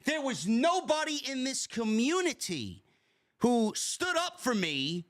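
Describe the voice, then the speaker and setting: High-voiced man, indignant, swinging pitch. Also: big pitch swings, takes it slowly. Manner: indignant, profane, rhetorical questions. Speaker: podcast co-host. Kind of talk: heated podcast rant.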